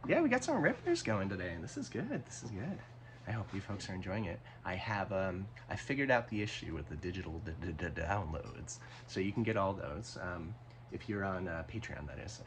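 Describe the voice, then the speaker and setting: A man chatting casually between songs as the host of his own weekly music show, soft-spoken and rambling, with lots of "um" and "uh". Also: low voice, creaky, noisy background. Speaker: singer-songwriter hosting a weekly music show. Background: acoustic guitar.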